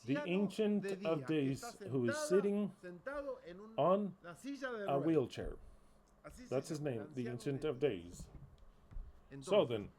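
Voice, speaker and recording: A man's voice: on the high side, animated, slow, long pauses, a crowd in the background. A man preaching an informal sermon in a blunt, emphatic way, full of profanity.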